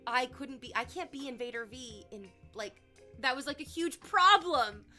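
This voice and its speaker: A woman streamer chatting casually on stream, animated and swearing freely, swinging between soft reflection and loud emphasis. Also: high voice, moderate pace, faint music behind.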